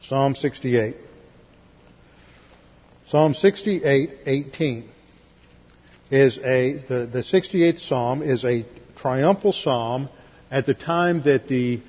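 In a church sanctuary, a man with a mid-range voice teaches a Bible class at a slow pace, methodically walking through verses with dry asides. The recording is lo-fi with a long hall reverb.

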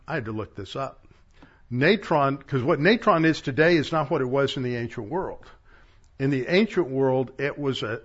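A male pastor giving a sermon, reading verses aloud and pausing for plain-spoken asides. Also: mid-range voice, muffled recording. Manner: reads verses aloud, stressing key words, with asides. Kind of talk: sermon teaching from scripture.

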